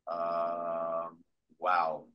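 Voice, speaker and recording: An older man, an actor being interviewed, telling stories from his life and career in a lively way, acting out the voices of people he quotes. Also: deep voice, extremely slow, highs cut off. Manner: animated storyteller who acts out quotes. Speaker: guest actor. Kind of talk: conversational interview storytelling.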